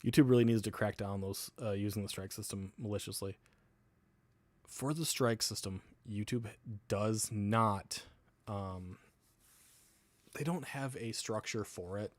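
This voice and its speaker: A man's voice: fairly low pitch, measured pace, pauses often, no echo. A man hosting a casual livestream, rambling between topics while answering viewer comments and laughing often. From US South. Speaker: livestream host.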